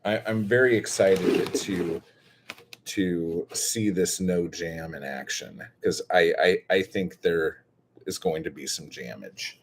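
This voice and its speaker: Excitable low-voiced man gushing on camera. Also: slow, a little hiss or hum. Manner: excitable, gushing, keeps exclaiming. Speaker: poet and chapbook maker. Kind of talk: casual unboxing vlog.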